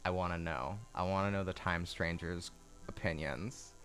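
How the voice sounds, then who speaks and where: Bright-voiced, joking male game streamer. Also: sits low, soft background music. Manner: joking, teasing, quick asides. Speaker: co-host streamer. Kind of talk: casual gaming chat.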